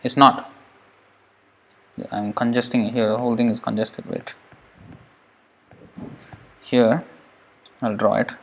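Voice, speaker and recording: Teacher, male, mid-pitched, informal lesson pace, repeats syllables patiently. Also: flat delivery. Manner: repeats sounds slowly, thinks aloud, chuckles. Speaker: Sanskrit pronunciation teacher. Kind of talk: informal lesson drilling sounds.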